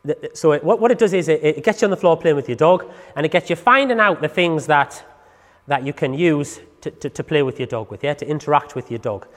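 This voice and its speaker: A man, a dog trainer giving a chatty, animated informal talk that is full of asides. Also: a little high, brisk, long reverb tail. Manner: chatty, animated, self-styled clown, repeats "you know what I mean".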